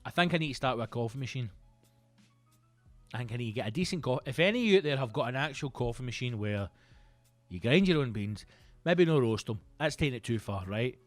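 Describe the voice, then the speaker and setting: A Scottish comedian in his thirties hosting a podcast, rambling through a casual comic monologue that is full of swearing and breaks into loud outbursts. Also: mid-range voice, fast talker, no echo, faint music behind. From Scotland. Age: 30s. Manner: sweary, rambling, animated bursts into loud exclamations.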